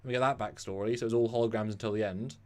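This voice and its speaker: A man co-hosting a casual live-stream chat, animated and rambling with sarcastic asides. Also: on the low side, very fast. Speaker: co-host.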